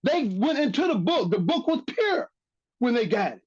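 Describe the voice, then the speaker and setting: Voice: medium pitch, sing-song, normal speed, slightly rough. A religious teacher giving a bible lesson, reading verses aloud and repeating key phrases for emphasis. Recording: dull lo-fi recording.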